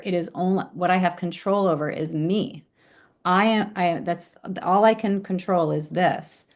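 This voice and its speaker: This woman leads a spiritual class conversation in a fairly low voice. She talks reflectively and keeps checking in with her listeners as she goes. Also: a little mellow. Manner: reflective, often asks "right?". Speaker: class leader.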